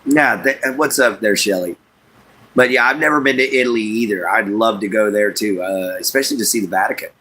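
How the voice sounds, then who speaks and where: A middle-aged man from Southeast Texas, chatting casually and haltingly with his livestream viewers by name, with lots of fillers. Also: on the low side, sharp tone. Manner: unhurried, halting, many fillers, talks to chat by name. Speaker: livestream host.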